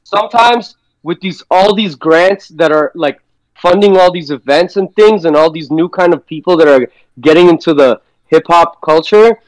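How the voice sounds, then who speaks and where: A man's voice: fairly high pitch, moderate pace, no room sound, low-quality recording. A man guesting on a podcast, telling stories in a laid-back, slangy way and swearing freely. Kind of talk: casual storytelling chat.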